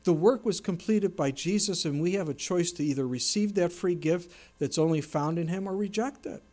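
A man's voice: high-pitched, normal speed, a little mellow. A man preaching a sermon in an earnest, emphatic way, quoting and explaining scripture. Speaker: pastor.

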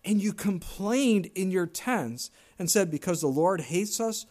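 A man's voice: sits high, lively intonation, a little slow, darkish tone. A middle-aged man preaching a sermon in a conversational way, now and then acting out whiny complaints in a raised voice. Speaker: pastor.

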